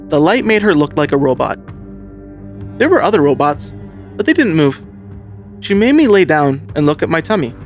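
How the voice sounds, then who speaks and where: A man reading the words of a frightened three-year-old boy as part of a podcast story. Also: on the high side. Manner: recounting strange events in a quoted child's words.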